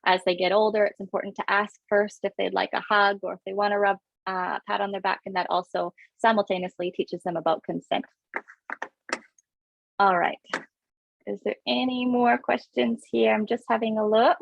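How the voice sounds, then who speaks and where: A woman in her thirties presenting a parenting webinar over a video call, talking quickly with many fillers in a friendly, instructive way. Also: mid-range voice, flat delivery, vocal fry, dry recording, dull audio. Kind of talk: casual webinar talk.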